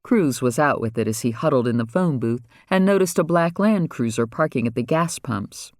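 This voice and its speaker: A man reading a crime thriller audiobook as narrator in a steady, even way. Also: mid-range voice, moderate pace, dry recording, studio quality. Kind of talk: scripted narration.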